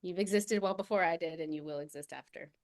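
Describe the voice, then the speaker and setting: A woman guest on a podcast who tells stories reflectively, laughing often and leaning on fillers. Her voice sits somewhat low. The recording is dry and close. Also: fast, darkish tone, dry recording. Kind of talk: reflective conversational storytelling.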